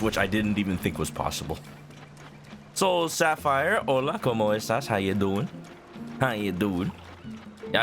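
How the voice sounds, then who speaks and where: Streaming a video game, a lowish-voiced man chats casually with game music playing behind him. His talk is jokey and playful, meandering with small stammers.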